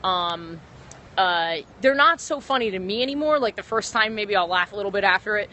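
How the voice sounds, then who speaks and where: Brisk and sharp, with a medium pitch and lively intonation, a young comedian talks into her phone during a casual livestream on a city street. She rambles, piling up ums and self-corrections, as faint traffic plays behind.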